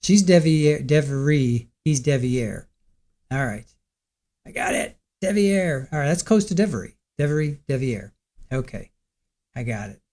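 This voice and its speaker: Male trial-stream host, casual and rambling, voice sitting a little high. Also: animated, normal speed, a little mellow. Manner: rambling, repeats a name to practice it. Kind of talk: casual live-stream commentary.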